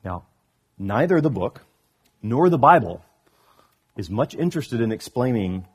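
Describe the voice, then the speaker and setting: A man preaching a sermon as a pastor, telling a story in an animated way, with touches of humor. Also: mid-range voice, a little slow, slightly rough.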